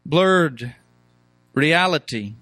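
Bright high-voiced male preacher. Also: animated, drawn-out words, no echo. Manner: reads scripture aloud, mimics complaining voices; emphatic, repetitive rhetorical questions. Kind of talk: sermon.

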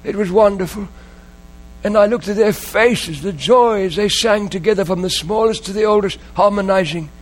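A man's voice: high voice, moderate pace. A man preaching a sermon, telling a story in an emotional way and repeating key phrases. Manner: emotional, repetitive, dwells on phrases.

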